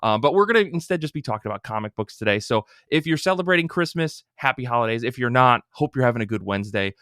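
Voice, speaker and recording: A man's voice: medium pitch, expressive, quick pace, a bit bright, clean tone, dry recording. Man, podcast host, jokey, upbeat, dry close sound. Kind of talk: casual podcast chat.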